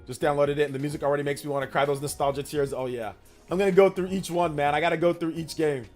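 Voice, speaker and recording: Guy streaming and reading chat, loose slangy rambly talk, bit higher voice, faint music behind. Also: fairly even intonation, quick pace, darkish tone. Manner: rambling, slangy, repeats himself. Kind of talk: casual live-stream chat.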